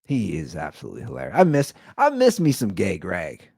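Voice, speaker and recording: A low-voiced man in his forties rambles through a comic story, his pitch swinging up and down. He talks as a show host, full of "like," and the sound is dry and close. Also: fairly quick, vocal fry, slightly rough, no room sound. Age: 40s. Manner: rambling and animated, with lots of "like". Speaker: podcast host. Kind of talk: comedic storytelling monologue.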